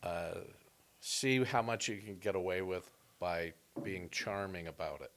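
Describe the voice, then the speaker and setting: A man's voice: sits low, unhurried, slight background noise. A man who works as a comedian, telling stories and joking in a casual podcast conversation. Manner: storytelling, animated and joking.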